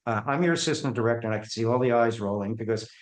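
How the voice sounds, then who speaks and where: A guest on a podcast talks very fast in a mid-range voice while telling career anecdotes during an interview. He performs the other people's voices with animation, and the space is echoey.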